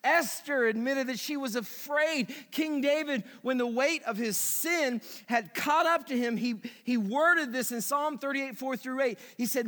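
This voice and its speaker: A middle-aged man preaching a sermon as pastor, animated and quick, dropping to a hush and rising to emphatic peaks. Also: very high-pitched, big-room sound.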